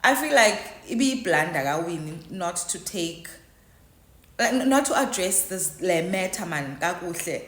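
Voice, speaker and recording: A woman's voice: fairly low pitch, expressive, unhurried, a bit bright. Emotional South African woman in a roomy echo. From Eastern Cape, South Africa. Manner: emotional, mixes English with isiXhosa. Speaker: vlogger. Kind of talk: casual vlog commentary.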